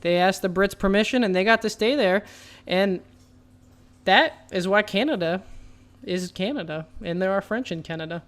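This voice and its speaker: A man hosting a comedic trivia segment, delivering absurd jokes as if they were straight facts in a deadpan, mock-serious way. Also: high-pitched, normal speed. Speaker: trivia host.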